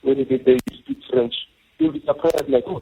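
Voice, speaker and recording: A South African man calling in to a radio show, speaking haltingly with many hesitations. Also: very high voice, very animated, vocal fry, mellow, breathy edge. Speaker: caller. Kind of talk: casual radio call-in chat. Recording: tinny phone line.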